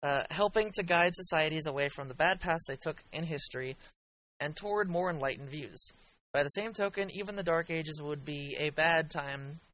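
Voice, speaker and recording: A man with a fairly high, very bright voice, chatting on a podcast. He rambles excitedly and restarts his thoughts often. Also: normal speed, rough recording. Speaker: podcast co-host. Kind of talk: casual group chat.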